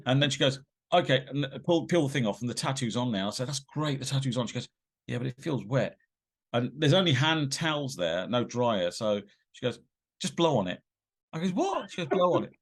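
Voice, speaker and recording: Fast-talking man telling stories. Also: mid-range voice. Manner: rambling, animated storyteller with many fillers. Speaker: interview guest. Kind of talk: casual anecdote telling.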